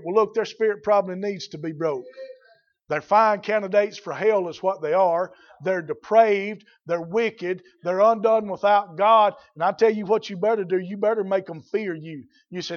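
High-voiced preacher, lo-fi. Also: male voice, moderate pace. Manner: folksy, blunt, builds to shouting. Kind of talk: sermon.

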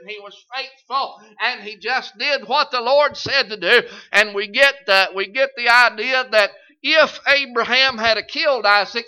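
A man's voice: extremely high pitch, sharp tone, dull audio. A man preaching a sermon in a folksy, conversational way that swells into emphatic lines.

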